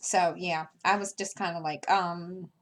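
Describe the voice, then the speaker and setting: A woman's voice: on the low side, fairly even intonation, unhurried, a bit bright. A woman chatting casually while she works on a craft project, rambling with many fillers and restarts and chuckling between thoughts. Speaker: crafting vlogger.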